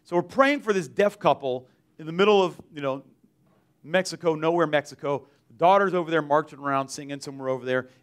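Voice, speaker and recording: A man tells a church testimony in a loose, conversational way. He restarts sentences and leans on filler words as he talks. His voice sits somewhat high for a man. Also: fairly quick, clean tone. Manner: rambling, filler-heavy, many "like"s and restarts. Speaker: mission trip team member giving testimony. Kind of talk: church testimony, casual storytelling. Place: church service.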